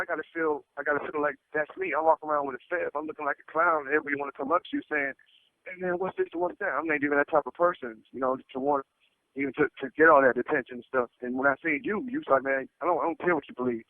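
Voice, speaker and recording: Man, eager casual chat, high-ish voice, tinny phone sound. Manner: eager, agreeing, talks in quick bursts.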